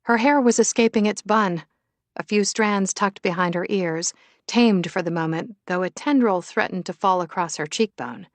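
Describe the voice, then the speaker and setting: A woman reading a romance novel aloud as an audiobook narrator, in a steady, measured voice. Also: medium pitch, no echo. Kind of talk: scripted narration.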